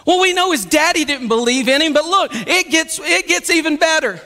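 A man preaching a sermon in an animated, conversational storytelling way. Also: very high voice, moderate pace. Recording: long hall reverb.

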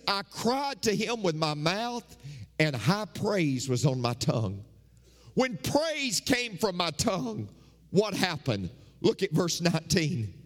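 A man preaching a sermon as pastor, emphatic and repeating his phrases for effect. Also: high voice. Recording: long hall reverb.

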